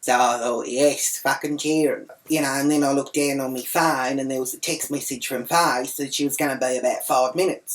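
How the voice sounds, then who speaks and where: A woman's voice: rumbling low, normal speed, hardly any pauses. A woman with an Australian accent telling a crude, rambling comic story in a brash, foul-mouthed manner. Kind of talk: comic rant monologue.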